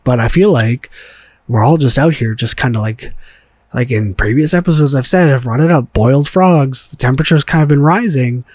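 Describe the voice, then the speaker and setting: A man's voice: medium pitch, normal speed, a little mellow, no echo. A man hosting his own show, ranting in a frustrated, profane way and firing off repeated rhetorical questions. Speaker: podcast host. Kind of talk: solo opinion rant.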